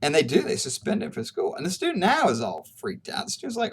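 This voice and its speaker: A man's voice: high voice, huge pitch swings, fast talker, vocal fry, hardly any pauses, slightly rough. A man, an ethics professor, telling a true case study to his students in a conversational lecture, acting out the people's lines as he goes. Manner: conversational storytelling, acting out quoted exchanges.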